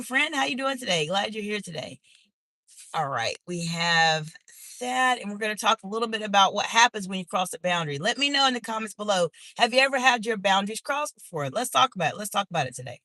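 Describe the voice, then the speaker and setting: Woman host, bright voice, dry close sound, casual live chat read from the car, spells out usernames. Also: mid-range voice, no echo. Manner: greets viewers warmly by name, spells out usernames letter by letter. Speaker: executive coach hosting a livestream. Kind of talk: casual livestream chat, reading comments aloud. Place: inside a car.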